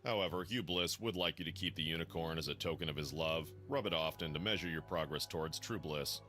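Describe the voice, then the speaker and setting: An actor playing a stiff, formal male government agent in a video game, speaking in a flat deadpan. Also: rumbling low, brisk, soft background music. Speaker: game character.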